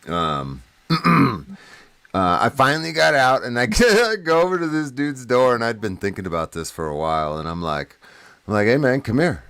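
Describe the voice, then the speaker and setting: A man's voice: fairly low pitch, dry recording. A man casually telling a rambling, profane prison story in a podcast chat, laughing at his own tale.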